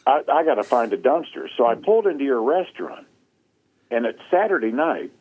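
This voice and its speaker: Animated Southern man telling a story. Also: mid-range voice, a little fast, narrow, tinny audio. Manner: animated storyteller, acts out quotes, laughs often. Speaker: guest. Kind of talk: casual storytelling chat.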